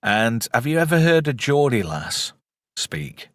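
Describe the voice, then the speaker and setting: A man's voice: mid-range voice, sing-song, unhurried, fairly bright tone, dry recording, studio quality. A man in a casual podcast chat, bawdy and joking, rambling from story to story. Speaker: podcast co-host.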